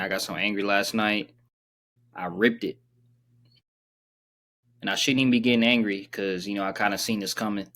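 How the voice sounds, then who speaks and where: Low-voiced young man, slangy sports talk. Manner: loose, slangy, subdued and self-described monotone. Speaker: sports channel host. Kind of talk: casual sports reaction vlog.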